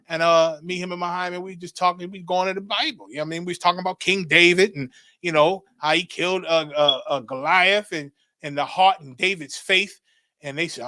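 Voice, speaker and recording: Speaking briskly, a middle-aged man who teaches religion preaches his own story as testimony, his voice fairly high with a forceful, hard edge. Repeated phrases climb into excited shouting. The audio is close, dry, and free of echo.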